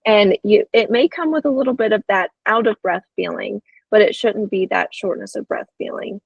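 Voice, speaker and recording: A woman co-hosting a health podcast speaks in an encouraging, conversational way. Her voice is gravelly and a little husky. The sound is dry and close to the mic. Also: mid-range voice, normal speed, no room sound, dull audio. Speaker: podcast co-host. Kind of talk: casual health podcast chat.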